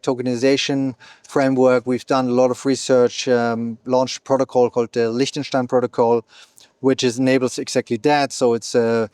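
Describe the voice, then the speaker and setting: At an event venue, a man who founded an exchange is interviewed as a guest in a conversational setting. His mid-range voice is a little mellow, clear and resonant with no room sound, and he speaks fluently though with many fillers and restarts.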